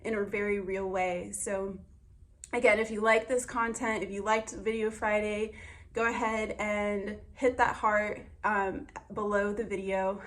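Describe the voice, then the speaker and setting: Young woman, wellness vlogger, earnest, gentle, heartfelt, casual talk to camera. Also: mid-range voice, flat delivery, measured pace. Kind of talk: casual guided breathing talk.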